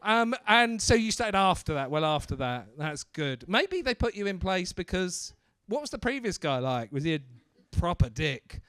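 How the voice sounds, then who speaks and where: A man working as the MC at a stand-up comedy night, bantering loudly with the crowd and mocking himself. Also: high voice, very animated, moderate pace, few pauses, clean tone, no echo. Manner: loud, swearing, self-mocking banter. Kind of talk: crowd work between acts. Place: comedy club.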